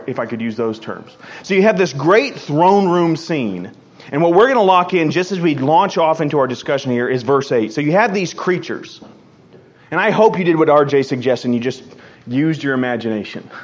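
A man's voice: on the high side, dull audio. A man preaching a sermon in an earnest, emphatic way, often repeating and restarting words.

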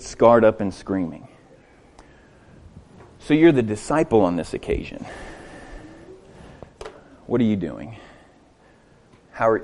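A man preaching a sermon, retelling a story with lively rhetorical questions and frequent restarts. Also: medium pitch. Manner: animated storytelling with rhetorical questions and repeated words. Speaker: pastor.

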